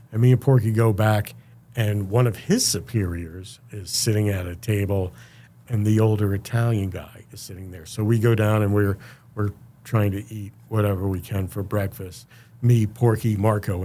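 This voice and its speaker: A man with a somewhat low voice tells his story as a podcast guest. He talks casually and with energy, often slipping into the voices of the people he quotes. His speech is full of fillers. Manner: animated, acts out quoted voices, many fillers.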